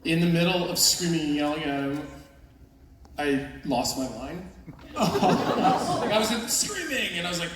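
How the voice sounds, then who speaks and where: A man telling lively anecdotes on a convention panel and acting out the other voices in his stories. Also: on the high side, unhurried. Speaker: panel guest actor. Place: large convention hall with an audience. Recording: echoey hall recording from far off with crowd noise.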